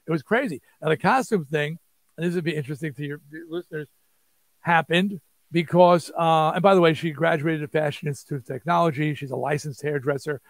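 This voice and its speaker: A man, telling an animated, rambling story as an interview guest and acting out quotes. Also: a little high, a little fast, gravelly, no echo. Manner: rambling, restarts, acts out quotes. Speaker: interview guest, rock singer.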